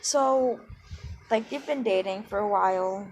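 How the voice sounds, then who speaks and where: A woman rambles slowly through a retelling of a fan story, stopping often on ums and likes and joking at her own expense. Her voice sits in a middle pitch. A steady background hiss is heard under the recording. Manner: rambling and self-deprecating, with many ums and likes. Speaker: channel host.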